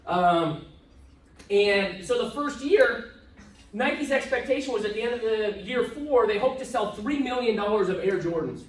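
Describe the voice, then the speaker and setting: A man speaking at a live seminar, telling an animated story and acting out both sides of the dialogue. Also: high-pitched, measured pace. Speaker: motivational speaker. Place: event hall with live audience. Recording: echoey hall, voice from far off.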